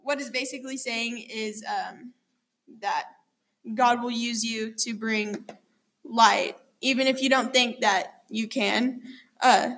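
A woman's voice: a little high, steady tone, takes it slowly, fairly bright tone. A young woman hosting a casual chat, chatty and giggly, with lots of fillers. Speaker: host.

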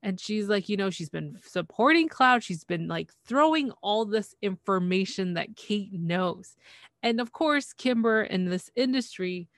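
A woman casually recapping a TV show, retelling scenes with animated storytelling. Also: medium pitch, measured pace, no room sound, studio quality.

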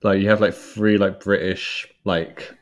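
A man with a low voice retells film scenes in a relaxed podcast chat. He laughs often and pitches up when he quotes the characters. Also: measured pace. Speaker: podcast co-host. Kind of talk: casual film review chat.

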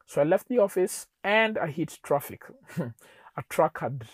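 A man teaching a lesson on relationships, telling a personal story with animated acting-out. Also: a little high, unhurried, breathy edge, dry recording. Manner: animated storyteller who acts out scenes.

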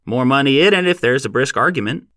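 A man's voice: mid-range voice, expressive, fast talker, fairly bright tone, dry recording, studio quality, pitched above the performer's own voice, natural voice. A man voicing a shrewd older horse trader with a nasal voice and curt replies.

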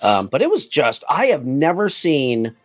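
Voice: medium pitch, huge pitch swings, measured pace. A podcast host in casual chat, hesitant with many fillers and frequent laughter.

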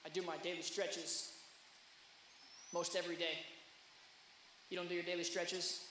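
A man in his thirties preaching a sermon, telling stories that swing from hushed to loud. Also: sits high, flat delivery, a little slow, slight background noise. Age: 30s. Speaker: pastor. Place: church hall. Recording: echoey hall.

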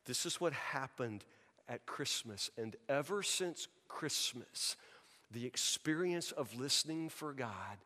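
A man's voice: medium pitch, expressive, slow pace, pushed and bright. A man preaching a sermon as a pastor, telling a story in an earnest, pleading way and often repeating words. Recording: long reverb in a large hall.

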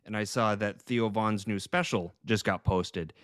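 A man's voice: on the low side, a little slow, a bit bright, no echo, studio quality. A man co-hosting a podcast, telling a story with lots of laughter and acting out his own quoted lines. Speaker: podcast co-host. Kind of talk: casual anecdote telling.

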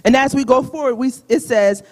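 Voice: sits high, brisk. Exhorting preacher in a reverberant sanctuary. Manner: exhorting, asks congregation to repeat lines. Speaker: guest preacher. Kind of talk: sermon with call-and-response. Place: church sanctuary with in-person and online audience. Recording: long hall reverb of a sanctuary.

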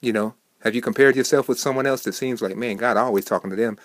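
A man hosting a short devotional program, preaching with lively swings between soft and emphatic delivery. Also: mid-range voice, quick pace, dry recording. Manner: animated, swings from soft to emphatic, acts out quoted people.

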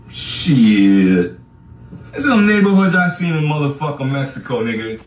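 A man's voice: medium pitch, very animated, unhurried, a little hiss or hum. A man hosting a podcast, ranting casually and profanely straight at his listeners, laughing often as he talks. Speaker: podcast host. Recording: echoey room, far from the mic.

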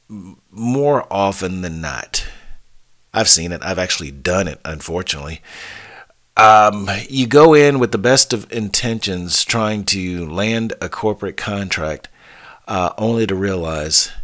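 A man hosts a business coaching podcast in a low voice with a bright, forceful edge. He tells his stories with emphasis and often repeats key words to drive a point home. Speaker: podcast host.

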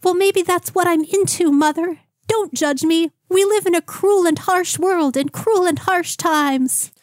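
A woman's voice: very high-pitched, unhurried, dry recording, studio quality, pitched above the performer's own voice. A woman lightly voicing a brooding young peasant man with mock-dramatic gloom. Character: mopey young peasant man with dark humor.

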